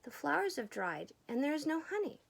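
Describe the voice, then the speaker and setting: A busy little storybook bee, put on by a woman reading aloud, talking breathy and half-whispered. A gravelly grain runs through it. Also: high voice, big pitch swings, brisk, voice pushed up, full character voice. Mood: earnest.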